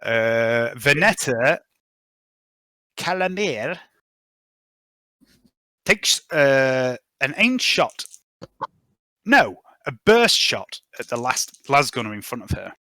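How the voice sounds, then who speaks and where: Lively, bright-voiced man running a game. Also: mid-range voice, slow, pauses often, no echo. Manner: lively, chuckling, rattles off dice results. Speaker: game master. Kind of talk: narrating a tabletop game.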